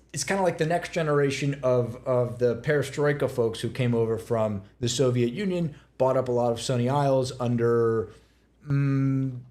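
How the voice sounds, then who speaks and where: A man co-hosting a podcast in casual chat, telling a story emphatically with lively stress. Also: mid-range voice. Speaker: podcast co-host.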